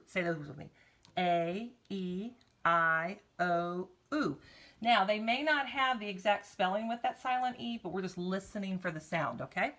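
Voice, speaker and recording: A woman teaching kindergartners phonics, slowly drawing out vowel sounds in an encouraging, sing-song way and speaking straight to the children. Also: medium pitch, fairly bright tone. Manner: encouraging, talks directly to children. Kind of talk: recorded morning meeting lesson for young children.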